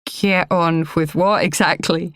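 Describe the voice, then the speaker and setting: A woman's voice: fairly low pitch, fairly even intonation, slow pace, fairly bright tone, dry recording, clean studio sound. A woman voicing a playful young woman who speaks in a breezy, teasing way. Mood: amused.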